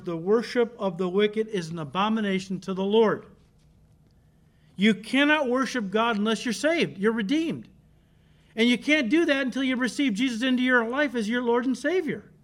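A male pastor preaching a sermon, emphatic and direct with the congregation, repeating key words for stress. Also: high voice.

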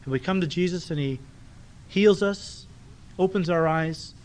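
A pastor preaching a sermon in a conversational way, asking rhetorical questions and acting out the people in the story. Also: male voice, on the high side, measured pace, a little mellow.

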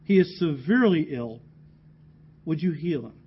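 A man's voice: on the high side, animated, normal speed, dull audio, slight background noise. A man preaching a sermon in a casual, conversational way, teaching through a Bible passage verse by verse and acting out the voices of the people in it. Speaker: pastor.

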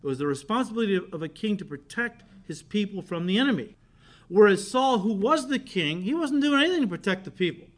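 A man's voice: sits high, animated, fast talker. A male pastor giving a conversational expository sermon, calling his listeners "guys" and acting out quoted lines with rising emphasis.

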